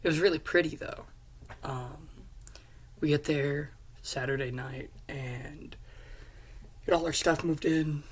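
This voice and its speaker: A man's voice: on the high side, fairly even intonation, slow pace, pauses often, husky. A young man telling a rambling casual story about a trip, with many fillers and restarts. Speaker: vlogger.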